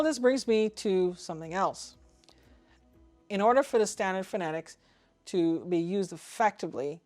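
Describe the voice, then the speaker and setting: A woman from Trinidad and Tobago, a ham radio vlogger, explaining things in an opinionated, casual way and spelling out call signs slowly. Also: fairly low pitch, darkish tone. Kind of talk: casual explanatory talk to camera.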